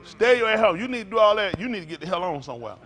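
Fiery animated older male preacher. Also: very fast. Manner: profane, animated, swings from loud outbursts to low mutters. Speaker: pastor.

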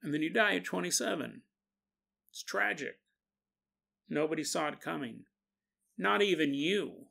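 A man hosting a podcast, telling a spooky story in a casual, animated way and often laughing at his own jokes. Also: a little high, measured pace, gravelly, long pauses. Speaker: podcast host.

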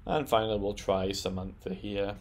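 A man presenting a tech tutorial, talking through settings in a relaxed, explanatory way with frequent "um" and "uh". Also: lowish voice, moderate pace. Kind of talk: screen-recorded software walkthrough.

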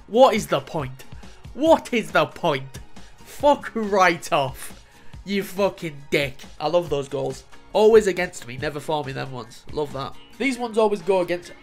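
Excitable sweary young man gaming. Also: fairly high pitch. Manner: excitable, swears a lot, jokey. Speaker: gaming YouTuber. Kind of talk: let's play commentary.

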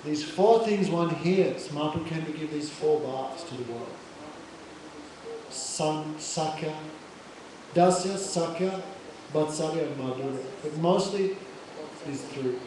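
A man's voice: a little high, measured pace, noisy background. A man giving a devotional lecture, telling sacred stories and acting out the characters' voices. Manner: animated, acts out characters' voices. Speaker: spiritual teacher. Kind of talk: devotional lecture with acted storytelling. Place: lecture hall. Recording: echoey hall, far mic, crowd.

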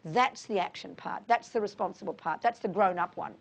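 A woman's voice: medium pitch, fairly quick, creaky. A middle-aged woman giving an informal Buddhist talk, frank and emphatic, calling listeners darling and honey. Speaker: Buddhist teacher. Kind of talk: informal dharma talk answering questions.

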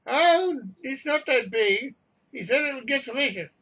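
A man's voice: very high-pitched, animated, measured pace, fairly bright tone, husky, distant mic, voice pushed up, full character voice. A man voicing a nervous male flight steward who frets and hesitates. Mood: worried.

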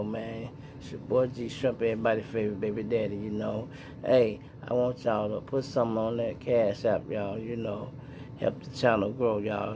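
Over a noisy background, a man with a medium-pitched voice and a Chicago accent tells his viewers street stories. He's middle-aged and from Chicago, talking casually with lots of slang while acting out voices and sound effects.

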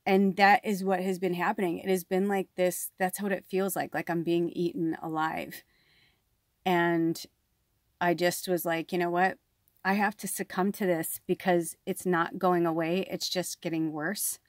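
A woman who works as a psychic medium and card reader speaks in an emotional personal vlog, with a fairly low pitch, flat delivery, and measured pace. She sounds worn out and distraught, swears often, and fills her speech with "like." The recording is studio quality with no echo.

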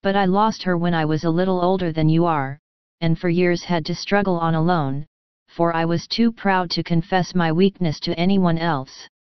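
A woman voicing a calm, tender middle-aged mother in a storybook reading, slightly dull lo-fi audio. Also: fairly low pitch, clear, resonant tone, no room sound, natural voice.

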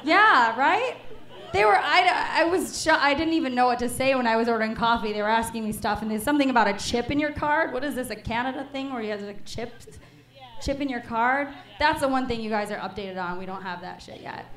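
A woman from Chicago, USA, performs a stand-up set in a comedy club, doing crowd work and teasing the audience. Her voice sits on the high side and is fairly bright, delivered fairly quickly, and the club recording sounds roomy.

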